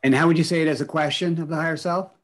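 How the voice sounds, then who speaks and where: A man's voice: on the high side, steady tone, rapid-fire. A man leading an online spiritual workshop on a video call, encouraging the group and repeating back their answers. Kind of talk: teaching an online group session.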